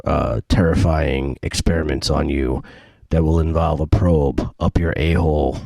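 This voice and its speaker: A man voicing a menacing male alien through a soundboard voice changer, speaking slowly and commandingly. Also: a bass voice, fairly even intonation, creaky, warm tone, clean studio sound, exaggerated voice. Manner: slow, commanding, threatening. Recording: voice effect with long reverb.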